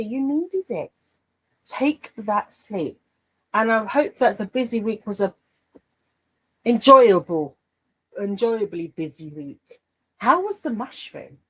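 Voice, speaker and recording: A middle-aged woman with a slightly high, husky voice hosts a craft livestream, chatting casually and reading viewer comments aloud. She's playful, chatty, and warm with her audience, trailing off and laughing. The recording quality is low.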